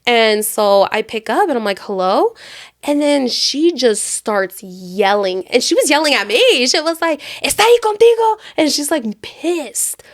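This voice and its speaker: A woman co-hosting a podcast, telling a long personal story in a loose, animated way, full of filler words. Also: a little high, measured pace. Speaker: podcast co-host. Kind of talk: casual chat storytelling.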